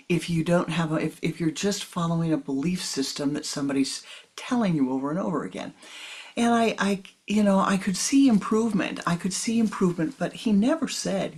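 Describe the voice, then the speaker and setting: A woman spiritual teacher giving a talk, telling a personal story, often dropping into soft whispered asides and acting out what people said. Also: on the low side, slightly rough. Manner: acts out quoted dialogue expressively.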